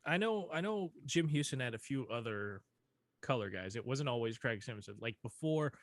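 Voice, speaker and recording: A man's voice: medium pitch, animated, normal speed, dry recording, clean studio sound. A young man co-hosting a casual hockey podcast, talking animatedly, laughing often and swearing casually. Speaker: podcast co-host. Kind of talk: casual chat.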